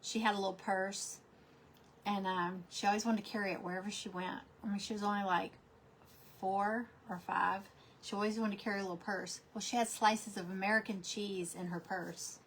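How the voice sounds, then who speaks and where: A middle-aged woman chatting casually while she paints crafts, telling stories and often trailing into soft asides. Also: medium pitch, steady tone, moderate pace, slight background noise. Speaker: crafting vlogger.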